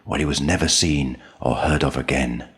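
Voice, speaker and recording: A man's voice: a bass voice, fairly even intonation, moderate pace, in a large hall. A man reading a comic story aloud in an exaggerated, dramatic storybook manner.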